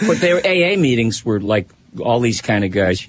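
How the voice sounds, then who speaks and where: A man from the Boston area talks in animated, casual radio chat as a guest voice actor. His pitch swings in a lively way, and he keeps slipping into character voices. A faint hiss sits behind him in the studio. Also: normal speed.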